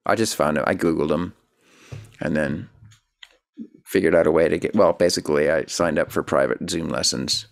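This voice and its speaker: A man's voice: rumbling low, moderate pace, creaky, pauses often. A man hosting an interview over a video call, chatting in an easygoing way with fillers and restarts. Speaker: podcast host. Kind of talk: casual interview chat.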